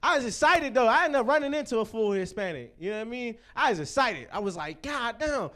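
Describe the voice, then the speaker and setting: A young man hosting a comedy night, his voice high and smooth as he riffs loosely on the crowd. He swears freely and bounces between jokes and audience banter. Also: lively intonation, quick pace, pushed and bright. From Pittsburgh, USA. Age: 20s. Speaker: comedy show host.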